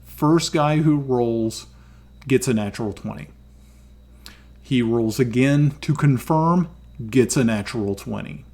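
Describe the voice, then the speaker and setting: A man's voice: medium pitch, takes it slowly, darkish tone. A man with a Southern American accent, chatting casually as a streamer and dungeon master, laughing often and swearing lightly.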